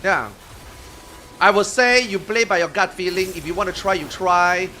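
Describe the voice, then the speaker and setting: A man's voice: sits high, normal speed, slight background noise. A man streaming a game, chatting casually and bluntly to his viewers. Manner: animated, blunt, talking straight to viewers. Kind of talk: casual gaming stream chat.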